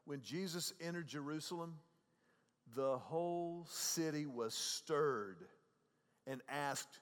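A man with a high-pitched voice delivers a sermon from a church sanctuary. His speech is conversational, with frequent stammered repeats, and it swings from hushed moments to ringing, emphatic ones. A long reverb trails each phrase through the hall. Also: slow. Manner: conversational, repeats words, swings from soft to loud. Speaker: pastor.

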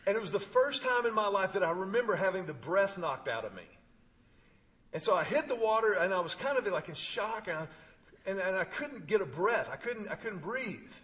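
A man preaching, telling a personal story with humor and emphatic pauses. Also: high-pitched, very animated, a bit bright. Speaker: pastor. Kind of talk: sermon.

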